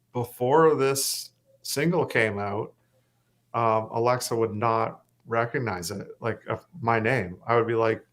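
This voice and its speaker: A young man from Canada, a singer-songwriter chatting as a guest, relaxed and hesitant with lots of fillers. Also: mid-range voice. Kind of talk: casual interview chat.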